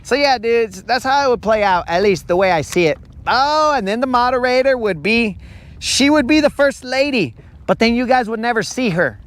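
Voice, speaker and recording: Casual podcast host with a high voice, playful storyteller who slips into silly character voices mid-riff; recorded out on a fishing boat. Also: male voice, expressive, moderate pace, a bit bright. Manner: playful, acts out imagined dialogue in put-on voices. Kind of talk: casual joking monologue.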